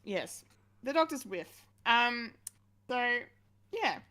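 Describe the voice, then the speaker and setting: A woman co-hosting a casual pop-culture podcast, chatty and quick to laugh, with lots of fillers. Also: a little high, expressive, bright, forceful tone. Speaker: podcast co-host.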